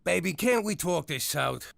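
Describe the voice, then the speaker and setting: A man voicing a blustery middle-aged mob father in a cartoon, exasperated, who shouts and then gives in to his daughter. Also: high-pitched, animated, measured pace, gravelly, music in the background, full character voice. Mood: coaxing. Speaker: strip club co-owner and father.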